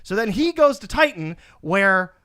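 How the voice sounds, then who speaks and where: A man races through a casual movie recap for a podcast, cursing freely as he goes. His voice is high-pitched and smooth, with a clear, resonant tone. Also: sing-song, pushed and bright. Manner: rushed, profane storytelling. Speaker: podcast host.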